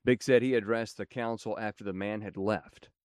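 A man's voice: lowish voice, fairly even intonation, normal speed, a little mellow, smooth, no room sound. A male reporter narrating a news story evenly.

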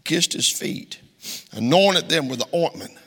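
A man's voice: fairly high pitch, lively intonation, measured pace, a bit bright, breathy edge. A middle-aged man preaching a sermon to his congregation in a church, impassioned and full of rhetorical questions. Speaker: pastor. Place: church sanctuary. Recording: long reverb of a church hall.

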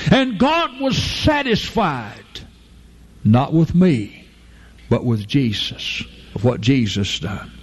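A man preaching a fervent, folksy sermon, leaping to high emphatic peaks and slowing down to draw out key phrases. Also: darkish tone. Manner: fervent, with sudden jumps to a high emphatic pitch and drawn-out slow phrases; folksy, informal grammar, addresses listeners as folk.

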